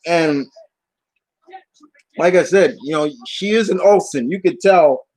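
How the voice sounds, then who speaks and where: A man hosting a casual live Q&A stream, answering viewer questions in an animated, swearing, ranting way. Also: a little high, slow, no room sound, rough recording. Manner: animated, swearing, rants with voiced asides.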